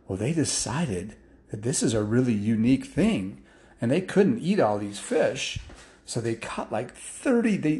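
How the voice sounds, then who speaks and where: A man's voice: mid-range voice, a little mellow. Man spinning a rambling story. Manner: loose, rambling telling with restarts and fillers. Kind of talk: casual spoken storytelling.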